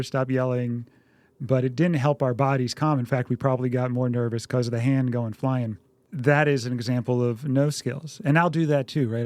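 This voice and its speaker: A man co-hosting a parenting podcast, telling lively family stories and acting out shouted quotes. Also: medium pitch, no room sound. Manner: lively storyteller, acts out yelling quotes. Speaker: podcast co-host. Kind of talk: casual conversational podcast.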